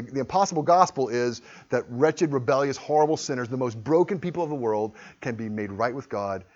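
Husky male pastor preaching a sermon. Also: medium pitch, highs cut off. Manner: animated, acts out quoted voices, drops to quiet intensity. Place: church hall with a congregation.

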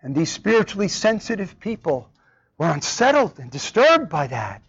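A man's voice: sits high, sing-song, normal speed, slightly rough. A man preaching a sermon with emphasis, often asking the congregation rhetorical questions. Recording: dull lo-fi recording.

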